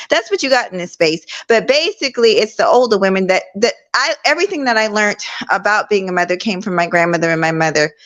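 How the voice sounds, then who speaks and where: A middle-aged woman talking over a laptop call, earnest and telling a story in a lively way. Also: medium pitch. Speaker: guest. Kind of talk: casual conversation. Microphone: laptop online call.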